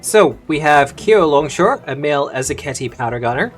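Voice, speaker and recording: A man running a tabletop game as game master, calmly walking players through the rules with plenty of fillers. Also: a little high, moderate pace, faint music behind. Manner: easygoing, explains rules step by step with fillers.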